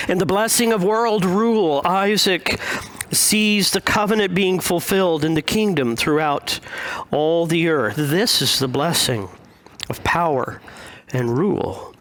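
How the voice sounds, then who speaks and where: A male pastor preaching a sermon, speaking in a measured, deliberate way with frequent pauses. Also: fairly high pitch, fairly bright tone.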